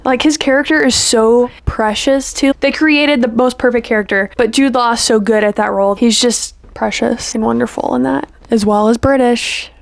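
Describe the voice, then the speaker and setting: A woman's voice: a little high, steady tone, normal speed, vocal fry, few pauses, no room sound. Gushing young woman vlogging, dry sound. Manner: gushing, playful, lots of "like" and "you know". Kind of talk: casual chat to camera.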